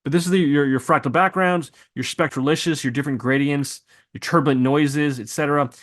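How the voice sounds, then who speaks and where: A man teaching video editing software, thinking aloud as he clicks through presets, with loose asides and exclamations. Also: on the high side, steady tone, brisk. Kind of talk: screen-recorded software tutorial.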